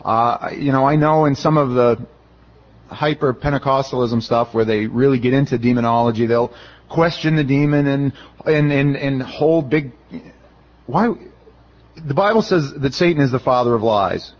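A man's voice: medium pitch, moderate pace, highs cut off. A middle-aged man as a pastor giving a conversational sermon, acting out the voices of the people he quotes. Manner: conversational, acts out quoted voices, animated retelling. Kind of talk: expository sermon.

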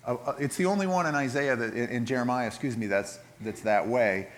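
A man preaching a sermon in a conversational way, retelling scripture with lively asides and frequent restarts. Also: mid-range voice, fairly quick. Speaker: pastor.

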